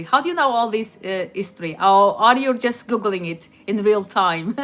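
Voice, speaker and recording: Over soft background music, a livestream host from Portugal chats casually through viewer comments in a Portuguese accent, frequently hesitating and restarting. Her mid-range voice is a bit bright, at normal speed with hardly any pauses.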